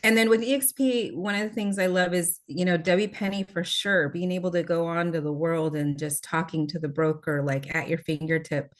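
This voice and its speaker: A woman's voice: on the low side, fairly even intonation, fairly quick, few pauses. A woman giving a chatty, grateful testimonial on a video call, with plenty of fillers. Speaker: meeting participant. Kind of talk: casual testimonial.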